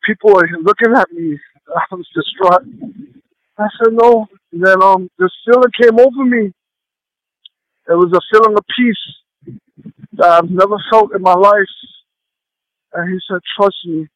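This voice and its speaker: A man sharing a heartfelt personal testimony, speaking haltingly with many pauses and fillers. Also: high-pitched, fairly bright tone, no echo, dull audio. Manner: earnest and heartfelt.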